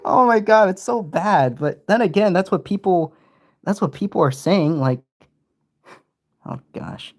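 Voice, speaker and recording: A young man with a high voice gives casual, rambling livestream commentary as a streamer. He speaks a little slowly and pauses often, but stays animated, frequently interrupting himself.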